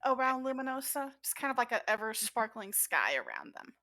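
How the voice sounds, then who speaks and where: Bright-voiced, giggly woman game master. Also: fairly high pitch, sing-song, fairly quick, no room sound. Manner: giggly, easygoing, descriptive. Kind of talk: narrating a tabletop game.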